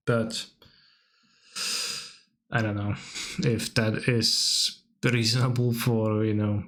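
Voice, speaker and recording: A man's voice: lowish voice, fairly bright tone. A man giving casual stream commentary while reacting to old videos, chatty and wry, laughing often and talking loosely with many filler words.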